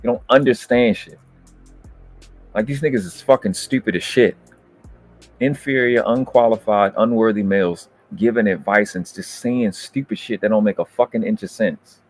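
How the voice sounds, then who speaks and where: A man's voice: lowish voice, moderate pace, soft background music. Profane, ranting male debate commentator. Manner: profane, berating, escalating into shouting. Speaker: host reviewing a debate. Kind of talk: heated commentary rant.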